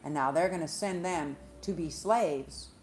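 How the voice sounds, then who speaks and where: A woman, a spiritual reader, retelling a story in a profane, animated monologue. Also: deep voice, a little slow, slight background noise. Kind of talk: casual monologue vlog.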